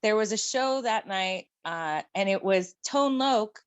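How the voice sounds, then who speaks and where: A middle-aged woman tells a story with animated energy and frequent laughter. Her voice sits at an ordinary pitch. The sound is dry and close. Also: unhurried, clean tone, no echo. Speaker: guest. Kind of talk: casual storytelling chat.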